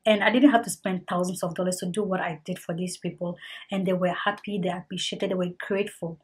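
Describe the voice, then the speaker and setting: Husky woman, earnest vlog talk. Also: fairly low pitch, steady tone, brisk. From Ghana. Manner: earnest, heartfelt, repeats herself for emphasis. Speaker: vlogger. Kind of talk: casual talk to camera.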